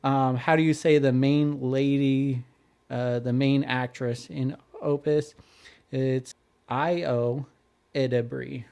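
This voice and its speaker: A man's voice: mid-range voice, level tone, slow pace, dark tone, clear, resonant tone. Man reading podcast notes aloud. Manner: reads notes and lists, hesitant with fillers. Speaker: podcast co-host. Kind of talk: casual chat, reading follow-up notes.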